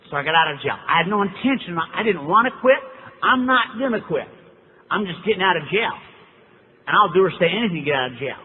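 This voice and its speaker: A man speaks to a meeting hall, spinning a humorous personal story in a relaxed, conversational way and slipping into the voices of people he quotes. His voice sits a little high for a man. The recording is narrow and tinny with a long reverb tail and a faint hiss underneath. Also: fast talker. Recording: lo-fi phone-like tape with hall echo.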